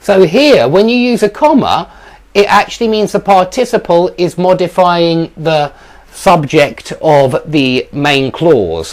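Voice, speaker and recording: Man, English teacher, grammar lesson, patient explaining, lots of ums, pitch jumps around. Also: animated, a little slow.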